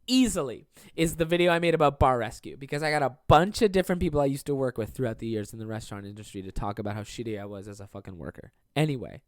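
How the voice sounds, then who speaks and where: A man's voice: mid-range voice, expressive, fast, few pauses, no room sound. Young male comic hosting solo podcast; rambling, swears constantly, self-deprecating; dry close sound. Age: 20s. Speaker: podcast host and stand-up comedian. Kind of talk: casual solo podcast monologue.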